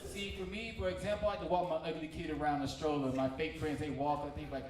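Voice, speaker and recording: A young man doing a stand-up comedy set on a theater stage, telling stories in a casual, slangy way and switching quickly into voices. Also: a little high, fairly even intonation, noisy background. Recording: echoey theater from far off. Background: audience and room ambience.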